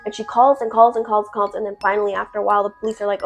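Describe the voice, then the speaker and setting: A woman's voice: medium pitch, flat delivery, racing, gravelly, hardly any pauses, soft background music. A woman telling a horror story in casual storytime style, chatty, dramatic and full of swearing.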